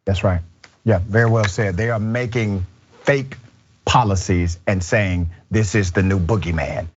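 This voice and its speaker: A man's voice: on the low side, unhurried, muffled recording, a little hiss or hum. A man hosting a political talk show, delivering emphatic commentary. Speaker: host.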